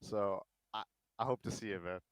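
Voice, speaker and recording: A man's voice: on the low side, moderate pace, smooth, no room sound, poor audio. A man in voice chat on a gaming stream, eagerly explaining a game at length in casual talk. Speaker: guest in voice chat.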